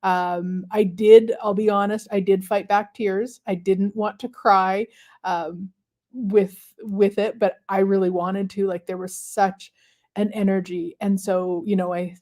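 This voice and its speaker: A woman hosting a live stream, talking casually and reflectively to viewers with many pauses and fillers. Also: medium pitch, flat delivery, darkish tone. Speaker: host of a manifestation livestream.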